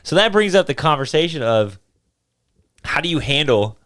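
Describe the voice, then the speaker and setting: A man's voice: a little high, sing-song, normal speed, a bit bright. A man on a casual podcast, talking bluntly and profanely with lots of "like". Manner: blunt, profane, heavy use of "like". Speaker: podcast co-host. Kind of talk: casual chat.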